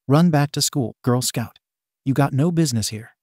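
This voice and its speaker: A man's voice: mid-range voice, normal speed, a little mellow, no room sound, clean studio sound, close to an everyday voice. A man voicing a scornful, impatient young male villain in a story reading, sarcastic and dismissive.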